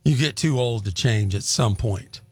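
Gravelly, husky middle-aged radio host man. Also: medium pitch, normal speed, dry recording. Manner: chatty, asks questions. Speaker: radio morning show host. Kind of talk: casual on-air banter.

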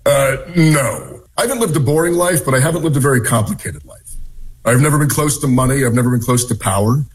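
Candidate clip: man, mid-pitched, calm and measured, interview answers. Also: low-quality recording. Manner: plain, measured denials. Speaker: political candidate.

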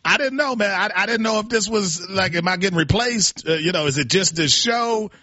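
A man co-hosting a casual sports talk show, animated and self-deprecating with quick restarts, on dry, slightly dull audio. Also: high voice, no echo.

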